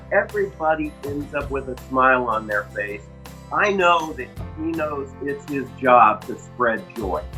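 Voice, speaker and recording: A man's voice: mid-range voice, pushed and bright. A middle-aged man telling heartfelt personal stories about his dog, earnestly repeating key phrases for emphasis. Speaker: dog owner and vlogger.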